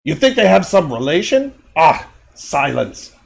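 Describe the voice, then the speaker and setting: A man voicing a shrill creepy owl showman. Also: big pitch swings, measured pace, vocal fry, heavily acted. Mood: haughty. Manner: theatrical, high-pitched and grandiose. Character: creepy male owl-faced showman creature.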